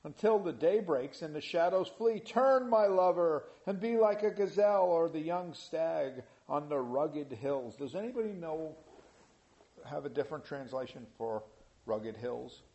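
A man preaching a sermon in an animated way, rising to loud emphasis. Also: on the high side, a little slow, lo-fi sound. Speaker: pastor.

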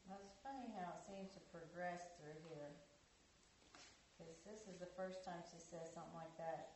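A fairly low-voiced woman speaking calmly from the congregation. Her voice sits in an echoey room with a faint hiss behind it. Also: normal speed. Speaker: congregation member.

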